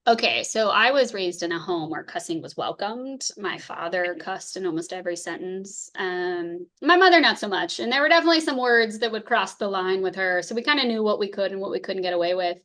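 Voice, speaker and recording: A woman in her thirties, a therapist and podcast guest, telling stories quickly and laughing often. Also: medium pitch. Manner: fast, lively storytelling, laughs often. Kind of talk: casual interview conversation.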